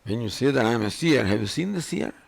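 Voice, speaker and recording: An older man lectures on scripture in a gravelly voice. His pitch rises and falls with lively swings as he puts one rhetorical question after another to his listeners. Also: fast talker. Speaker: swami teaching scripture.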